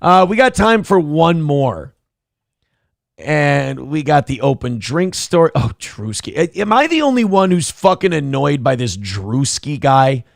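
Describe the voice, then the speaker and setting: A man's voice: a little high, very animated, measured pace, creaky, dry recording, studio quality. A man hosting a morning talk show, riffing in a profane, sarcastic, rambling way. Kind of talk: casual comedic commentary.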